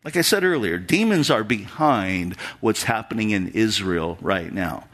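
A man preaching a sermon as pastor, conversational and animated, acting out quotes as he talks to a church congregation. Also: on the low side, measured pace.

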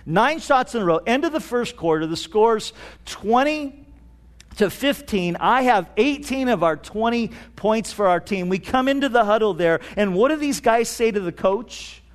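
A middle-aged male pastor with a fairly high voice preaches a sermon. He tells stories loosely, with restarts and fillers. He slows right down to land his key lines. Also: lively intonation. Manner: storytelling with many restarts and fillers; slows down to stress key phrases.

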